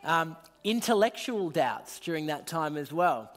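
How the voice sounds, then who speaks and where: A man preaching a sermon, retelling scripture in an earnest storytelling way and dropping low and quiet on solemn lines. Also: animated, a little slow, slight background noise.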